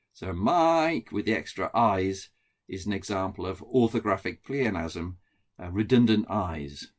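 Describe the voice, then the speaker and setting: A middle-aged man with a Black Country accent, explaining his research in a plain lecture with frequent ums and restarts. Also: low voice. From England. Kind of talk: recorded lecture.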